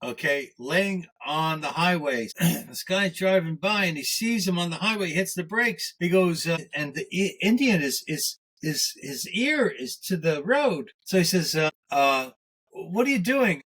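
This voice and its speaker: A man in a casual podcast chat, telling crude jokes in a rambling, halting way that is full of restarts. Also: on the high side, expressive, fairly bright tone. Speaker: podcast co-host.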